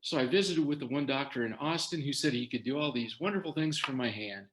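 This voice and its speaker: Older male guest, mid-pitched, animated storyteller in a talk. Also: quick pace, slight background noise. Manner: animated storyteller quoting others' words. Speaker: guest sharing his story.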